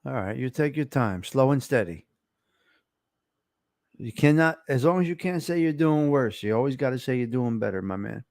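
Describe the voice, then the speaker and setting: A man's voice: medium pitch, expressive, moderate pace, darkish tone, no echo. Chatty man, close dry mic. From Italian-American, from New Jersey. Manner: chatty, asks viewers about his mic sound. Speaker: livestream host. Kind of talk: casual chat reading live comments. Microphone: close desk microphone.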